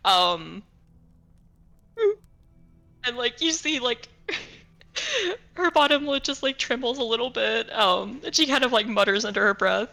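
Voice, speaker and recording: Bright, rambling woman playing a tabletop game. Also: a little high, lively intonation, unhurried, creaky, pauses often, faint music behind. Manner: rambling, hesitant with fillers. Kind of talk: casual game chat.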